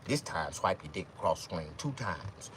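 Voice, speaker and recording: A man doing a stand-up comedy monologue, jumping his voice high when quoting women. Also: moderate pace, very noisy. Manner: animated, swings pitch high for quoted women.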